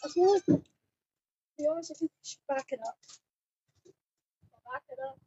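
High-voiced teen girl rambling outdoors. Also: normal speed. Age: teens. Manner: rambling, giggly, excitable. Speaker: vlogger. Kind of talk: casual chatty vlog. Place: outdoors at home. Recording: dull, muffled phone audio.

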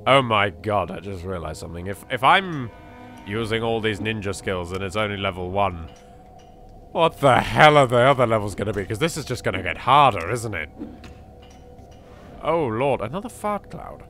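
A British man giving chatty, excitable commentary while playing a video game. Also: fairly low pitch, faint music behind. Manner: excitable, chatty, quick to exclaim. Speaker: let's play host. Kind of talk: casual gameplay commentary.

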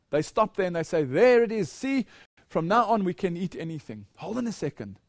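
High-voiced man teaching the Bible. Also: a little mellow, no room sound, clean studio sound. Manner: leads the audience through verses, asks questions, then answers them. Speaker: Bible lecturer.

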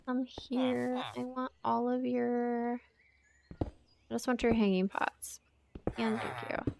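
A woman's voice: a little high, completely flat delivery, slow pace, creaky, background noise. A woman hosting a game playthrough in casual commentary, chatty and exclaiming as she talks to the creatures on screen. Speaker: let's play host.

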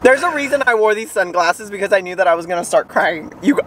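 Excitable high-voiced young man vlogging. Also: fast talker, slight background noise. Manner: gushing, dramatic, easily excited. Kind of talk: casual vlog chat. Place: parked car at a drive-thru.

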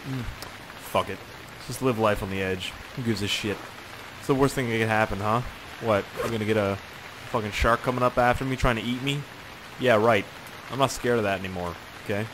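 Profane, excitable gaming man. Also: on the low side, noisy background. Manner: profane, excitable, rambling self-talk. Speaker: gaming YouTuber. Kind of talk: casual gameplay commentary.

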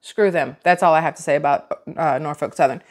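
A woman's voice: deep voice, brisk. A woman, giving casual vlog commentary in a chatty, sarcastic, rambling way full of restarts. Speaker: vlogger.

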